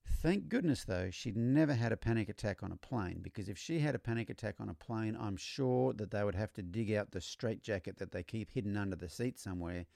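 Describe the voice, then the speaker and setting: Gravelly man, dry close sound. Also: lowish voice, fairly quick, hardly any pauses, no echo. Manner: storytelling, relaxed, repeats words when restarting. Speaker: podcast host, horse trainer. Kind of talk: conversational teaching monologue.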